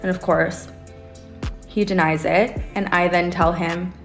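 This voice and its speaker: Wry, low-voiced woman telling a story. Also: fairly even intonation, measured pace, soft background music. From United States. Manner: candid, wry, many "like" fillers. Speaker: storyteller on a podcast. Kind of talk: casual storytime chat.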